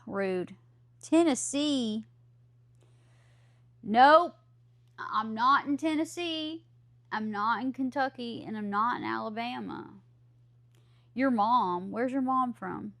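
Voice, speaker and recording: A woman's voice: a little high, slow pace, pauses often, a bit bright. A woman with a Southern US accent, chatting casually with her live stream viewers and answering their questions aloud.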